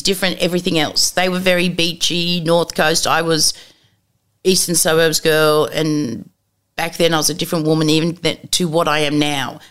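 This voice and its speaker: A middle-aged woman telling candid stories as an interview guest, bluntly and with acted-out dialogue. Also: lowish voice. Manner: blunt and lively, acts out dialogue, casual swearing.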